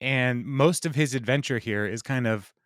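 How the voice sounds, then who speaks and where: A man's voice: mid-range voice, normal speed, fairly bright tone, no room sound, studio quality. A man co-hosting a casual book podcast, rambling and joking, often trailing off mid-thought. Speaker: podcast co-host.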